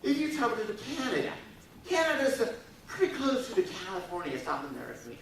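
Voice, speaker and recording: This high-pitched male voice moves a little fast, with vocal fry and slight background noise behind it. He's an animated forum speaker lecturing students with humor in a university lecture hall, performing short dialogues in comic voices and getting the crowd to laugh and echo his lines. Recorded in an echoey hall, he comes across from a distance.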